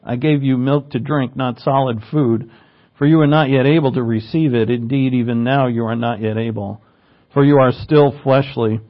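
Pastor, male, mid-pitched voice, teaching sermon with emphatic rises, slightly muffled recording. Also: steady tone, normal speed. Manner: teaching, explains Greek words, asks rhetorical questions.

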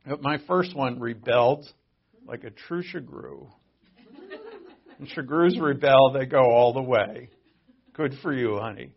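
A middle-aged man preaching a sermon as a pastor, conversational and joking, swinging between loud emphasis and quiet asides. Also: medium pitch, slow pace, creaky, pauses often, lo-fi sound.

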